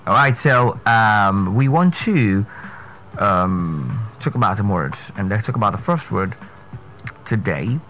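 A low-voiced man runs an emphatic pronunciation lesson, spelling words out letter by letter and repeating them. The recording is dull and lo-fi, with a faint hiss of noise underneath. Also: animated, slow, a bit bright. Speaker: speech coach.

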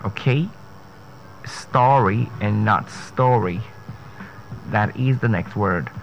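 A man's voice: on the low side, normal speed, vocal fry. A man, a speech coach giving an emphatic pronunciation lesson, repeating and spelling out words. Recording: dull lo-fi sound with faint noise.

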